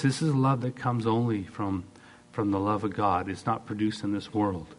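A man preaching a sermon, acting out quoted voices and swinging from loud, fast bursts to soft, slow stretches. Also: lowish voice, steady tone.

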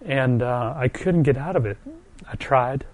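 A middle-aged man preaching a heartfelt sermon, gentle and earnest, often pausing and repeating words, still recovering from a stroke and quick to get emotional. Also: medium pitch, no room sound.

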